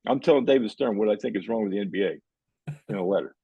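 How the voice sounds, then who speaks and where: A man's voice: lowish voice, quick pace, warm tone, breathy edge, no echo, dull audio. An older man, a professor guest on a podcast, telling a long story and acting out the dialogue in it.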